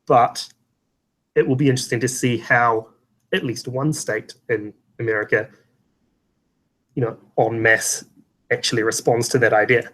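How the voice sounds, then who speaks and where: A man's voice: medium pitch, steady tone, moderate pace, pauses often, a bit bright, low-quality recording. A man on an election panel, explaining a ballot measure in a casual way that trails off loosely.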